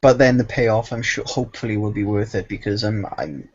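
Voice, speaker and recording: A man's voice: lowish voice, a little fast, slight background noise. A man chatting hesitantly on a live stream about his video channel, full of stops and fillers. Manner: hesitant, many fillers and restarts. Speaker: guest YouTuber. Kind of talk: casual live-stream chat. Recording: dull lo-fi sound.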